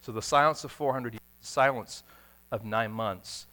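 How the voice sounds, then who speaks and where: A man preaching a sermon, telling stories with dramatic swings between hushed, quiet passages and sudden shouts. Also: medium pitch, moderate pace. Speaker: pastor.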